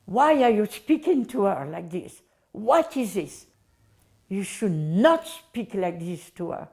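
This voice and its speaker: A man's voice: sits high, very animated, slow pace, vocal fry, darkish tone, heavily acted. A woman acting out a stern older man who scolds someone on her behalf, in French-accented English. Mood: stern rebuke. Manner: stern, reproaching. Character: stern elderly spiritual teacher defending a woman.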